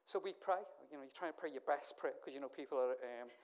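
A pastor preaching through anecdotes. He acts out each exchange in quick back-and-forth and breaks off into wry, self-deprecating asides. His delivery is casual and conversational rather than grand. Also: mid-range voice, a little hiss or hum. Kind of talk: storytelling sermon.

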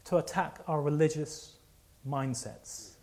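Man preaching a lively sermon. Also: fairly high pitch, slow. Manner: animated storytelling with repeated restarts.

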